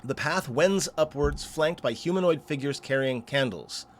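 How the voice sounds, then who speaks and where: A man's voice: on the high side, normal speed, a little hiss or hum. A man hosting a game playthrough, reading the story text aloud and breaking off for chatty asides. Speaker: let's play host.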